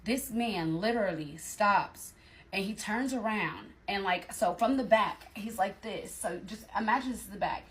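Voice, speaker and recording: A woman's voice: mid-range voice, moderate pace. A woman telling a personal story in casual storytime style, talking straight to her listeners with lots of emphasis.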